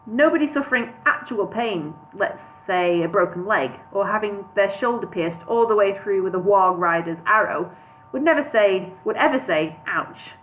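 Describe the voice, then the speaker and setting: A woman's voice: mid-range voice, expressive, normal speed, faint music behind. Woman casually reading a story aloud. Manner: reads with slips, laughs and casual asides. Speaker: audiobook reader. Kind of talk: informal book reading. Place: her flat. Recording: tinny phone-like sound with faint hiss.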